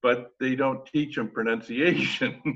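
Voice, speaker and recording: A man's voice: medium pitch, fairly even intonation, slow, fairly bright tone. A man joining a workshop discussion, commenting hesitantly with fillers. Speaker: workshop participant. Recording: distant, dull video call audio.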